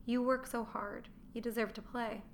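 A woman reading the lines of a meek young Roman wife who is anxious to please her husband, in a mild, soft-spoken manner, as an audiobook character voice. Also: on the high side, level tone, moderate pace, vocal fry, a little hiss or hum.

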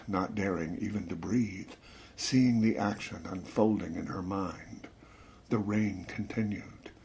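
A man narrating a suspense story in a measured, dramatic reading that slows and drops to a hush at tense moments. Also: sits low, creaky, a little hiss or hum. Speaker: audiobook narrator.

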